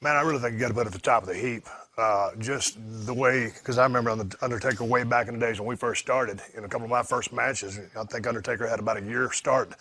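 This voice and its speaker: A man's voice: medium pitch, steady tone, fast talker, hardly any pauses, bright, forceful tone. A man speaking as a panel guest, modest and self-deprecating. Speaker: panel guest, former wrestler. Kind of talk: casual chat.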